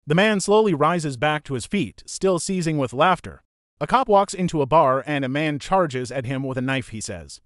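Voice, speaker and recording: A man reading a reddit story aloud as scripted narration, voicing every character in the same even narrating voice. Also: on the high side, moderate pace, no room sound, studio quality.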